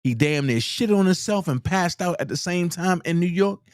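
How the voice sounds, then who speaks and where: A man hosting a live commentary stream, giving shout-outs to viewers and then speaking bluntly and heatedly, repeating his points for emphasis. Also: high-pitched, lively intonation, normal speed, clean tone, no echo, studio quality.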